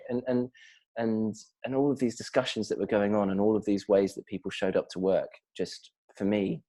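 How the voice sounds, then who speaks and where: English man, podcast guest, deep voice, lively anecdotes with laughs. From England. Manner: animated storyteller, acts out quotes with laughter. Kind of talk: casual chat.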